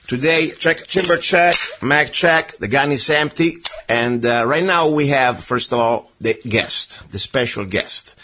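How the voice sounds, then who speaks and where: Man, radio talk host, husky voice, lively, joking, mid pitch. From outside the United States. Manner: lively, joking, quick to laugh. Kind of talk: energetic talk radio hosting.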